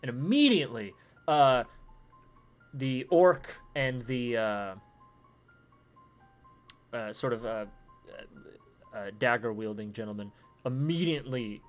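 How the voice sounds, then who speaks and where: A man's voice: mid-range voice, expressive, takes it slowly, long pauses, soft background music. A man narrating a tabletop game as dungeon master, with many fillers and restarts. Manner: filler-heavy, laughing narration.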